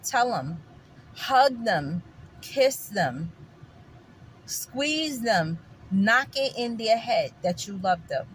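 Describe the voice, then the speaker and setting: A woman's voice: a little high, lively intonation, extremely slow, long pauses, slight background noise. A woman from New York with a New York accent, talking to her viewers in an opinionated casual chat, emphatic and repetitive, calling them guys. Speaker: vlogger.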